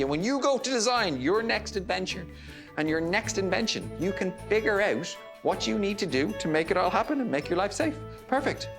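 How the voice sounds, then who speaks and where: A man demonstrating a science experiment for children, enthusiastic and explanatory. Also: high voice. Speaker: science presenter.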